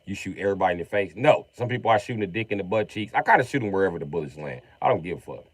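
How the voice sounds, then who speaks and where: A man's voice: sits low, racing, slightly rough, dry recording. A man on a live stream telling profane, jokey stories about playing games. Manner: profane, animated, jokey storytelling. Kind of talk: casual storytelling stream.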